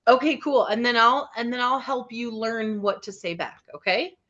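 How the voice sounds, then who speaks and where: A woman's voice: fairly high pitch, normal speed, fairly bright tone. Encouraging woman teacher on a call. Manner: upbeat and encouraging, often checking in with the group. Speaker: teacher leading a teen workshop. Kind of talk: interactive online lesson. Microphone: video call. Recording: slightly dull online call audio.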